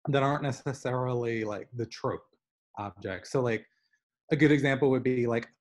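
A young man with a Southern accent, chatting over a video call in an animated, storytelling way. His voice sits at an ordinary middle pitch, and his talk is loose, full of "like" and quick asides. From American South. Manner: animated storyteller, many fillers. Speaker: artist guest. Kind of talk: casual conversation.

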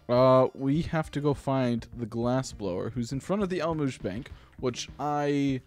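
A man with a mid-range voice hosts a gaming channel, offering rambling let's-play commentary. He pokes fun at himself and now and then bursts out in sudden excitement.

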